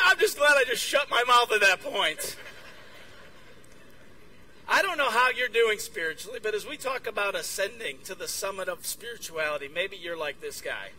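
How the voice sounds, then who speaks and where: A bright, forceful male preacher with a high, animated voice that leaps all over the place. He delivers an energetic sermon to a conference crowd, acting out little exchanges as he goes. The mic sits at a distance, with a faint hum behind him. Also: normal speed. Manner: energetic, acts out dialogue. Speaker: guest speaker. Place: conference room with audience.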